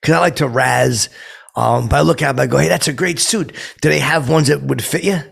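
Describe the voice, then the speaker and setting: A deeply gravelly, husky voice belongs to a boastful, clueless washed-up stand-up comic, played by a man. He rambles on, stumbling over his words and quoting his own lame jokes. His talk is loose and meandering, full of fillers. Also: a little fast, a bit bright, full character voice. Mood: rambling. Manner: rambling, stumbling, with many fillers and self-quotes. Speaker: character comedian telling a story. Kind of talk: improvised comic monologue.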